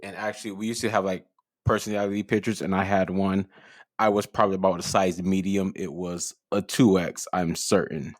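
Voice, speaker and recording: A man's voice: deep voice, level tone, brisk. A man co-hosting a podcast, rambling and defending his point in casual banter. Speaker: podcast co-host.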